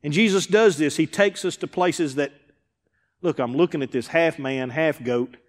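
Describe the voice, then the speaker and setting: A man's voice: fairly high pitch, moderate pace. A male pastor preaching a sermon, driving points home with emphatic repetition. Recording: hall with long reverb.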